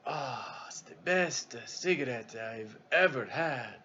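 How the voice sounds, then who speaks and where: A man's voice: mid-range voice, expressive, slow pace, sharp tone, dull audio, a little hiss or hum. A man voicing a jovial middle-aged Italian ship captain, with a put-on Italian accent and emphatic broken English. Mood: dreamy.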